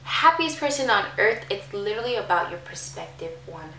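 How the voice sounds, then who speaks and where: A woman's voice: mid-range voice, animated, a little fast, a bit bright, distant mic, a little hiss or hum. Emotional young woman in an echoey room. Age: 20s. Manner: emotional, confessional, many fillers. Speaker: vlogger. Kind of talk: candid personal vlog.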